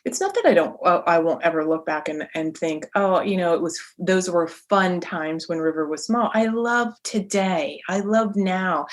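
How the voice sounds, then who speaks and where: A woman in her forties hosting a solo motivational podcast as a coach, talking in an animated, emphatic way with a lively inflection. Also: lowish voice, moderate pace, hardly any pauses.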